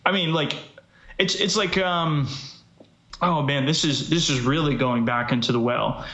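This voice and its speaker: A man's voice: fairly high pitch, unhurried, bright, forceful tone. A man co-hosting a casual live-stream chat about fighting, rambling with many fillers and asides. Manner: rambling, lots of fillers and "you know". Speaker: MMA show co-host. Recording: echoey, slightly dull sound.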